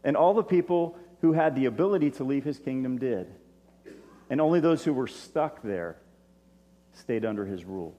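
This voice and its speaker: A man giving a sermon as a pastor, in a relaxed, conversational way with asides to his listeners. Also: medium pitch, moderate pace. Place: church stage. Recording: long reverb of a large hall.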